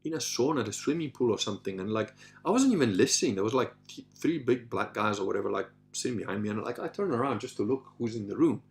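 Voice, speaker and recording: A man's voice: lowish voice, fast, creaky, few pauses. A middle-aged man hosting a podcast, telling stories in a loose, rambling way with many restarts and asides. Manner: rambling, frequent restarts and "you know"; animated, acts out voices in his stories. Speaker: podcast host answering listener questions. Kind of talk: casual storytelling monologue.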